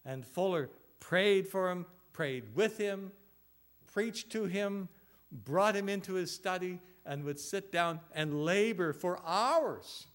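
A man's voice: high-pitched, expressive, slow pace, fairly bright tone. A man preaching an expository sermon as pastor, earnest, asking rhetorical questions and repeating phrases for emphasis.

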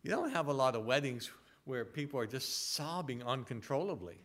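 A man preaching a sermon in a conversational way, asking rhetorical tag questions and reading scripture slowly and deliberately. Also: mid-range voice, big pitch swings, fairly bright tone. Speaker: pastor.

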